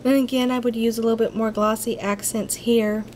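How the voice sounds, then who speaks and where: A woman's voice: fairly high pitch, flat delivery, brisk, a little mellow, a little hiss or hum. A woman giving a casual crafting tutorial, chatty and a little apologetic, talking to herself as she works at her craft table.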